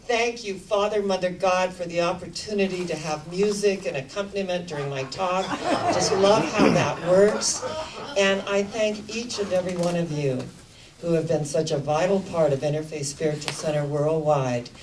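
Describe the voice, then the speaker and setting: A woman minister delivering an animated, affirming sermon to her congregation, asking them questions. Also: lowish voice, moderate pace, very noisy. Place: church sanctuary. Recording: distant sermon recording with music behind. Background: music playing.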